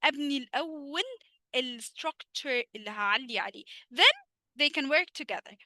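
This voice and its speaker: A native Arabic speaker with an Egyptian accent teaches a live online English lesson, asking questions and answering them herself. She says her English slowly but rushes her Arabic asides. Her voice sits high with a sharp tone and no echo.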